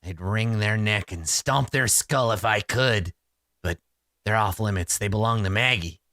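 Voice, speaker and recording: A man's voice: fairly low pitch, measured pace, sharp tone, no room sound, clean studio sound, voice pushed down. A man voicing a small, boastful, bloodthirsty redcap general in a tabletop game, in a sly, menacing way. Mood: spiteful.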